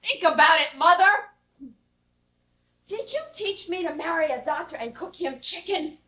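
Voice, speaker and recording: On a theater stage, a woman plays an outspoken, exasperated adult daughter, speaking earnestly and emphatically in a full character voice that is very high, sharp and lively in intonation at a moderate pace. The stage recording is dull and lo-fi.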